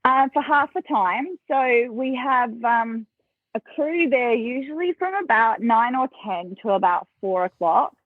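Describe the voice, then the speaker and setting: A woman's voice: a little high, unhurried, dry recording. Aussie woman yarning away, tinny phone-ish sound, dead dry. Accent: Australian. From South Australia. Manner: lively storyteller, acts out quoted voices, laughs often. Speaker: podcast guest. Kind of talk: casual interview storytelling.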